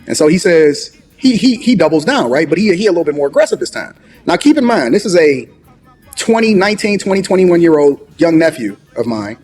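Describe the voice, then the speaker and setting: A man in his forties telling a story in an animated way, loudly acting out what people said. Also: on the high side, faint music behind. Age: 40s. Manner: rapid, acts out quoted dialogue loudly. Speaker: podcast storyteller.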